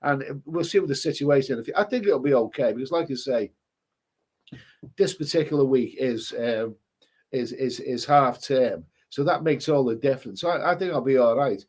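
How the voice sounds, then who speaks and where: A man's voice: medium pitch, normal speed, darkish tone, husky. A man with a cold, rambling casually as a travel vlogger reading out viewer comments, with many restarts. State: stuffy with a cold. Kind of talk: casual live-stream chat.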